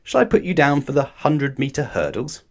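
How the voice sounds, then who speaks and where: A man's voice: medium pitch, sing-song, normal speed, voice pushed up. A man reading a storybook voices a courteous, officious sports-day steward. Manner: polite, officious.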